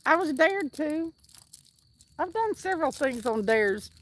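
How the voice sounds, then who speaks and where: Expressive and fairly bright, her high-pitched voice moves at a slightly slow pace. She's a livestream host fishing outdoors by the water, reading viewers' comments aloud with chatty enthusiasm and an occasional whoop.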